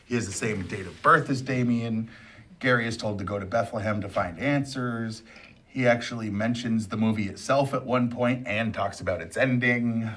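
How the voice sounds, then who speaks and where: A man's voice: medium pitch, moderate pace, a bit bright. A man co-hosting a movie review show, chatting casually and teasing his partner with dry sarcasm.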